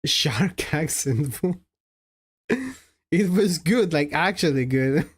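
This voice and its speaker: A woman streamer chats casually with her viewers, giggling and laughing often as she answers chat, with non-native phrasing. Her voice is low-pitched and husky, and she speaks slowly with long pauses.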